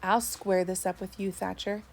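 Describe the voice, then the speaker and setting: A woman's voice: medium pitch, little pitch movement, normal speed, vocal fry, a little hiss or hum, close to an everyday voice. A woman voicing a spiteful, vengeful sailor who snarls his threats. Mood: menacing. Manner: snarling, venomous. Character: menacing young sailor, man, spiteful, vengeful.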